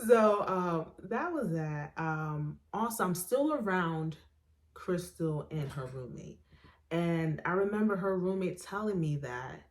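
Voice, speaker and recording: A woman hosting a podcast, telling a personal story in a lively way, laughing often and acting out what people said. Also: lowish voice. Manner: animated, laughs often, acts out quoted dialogue. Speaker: podcast host.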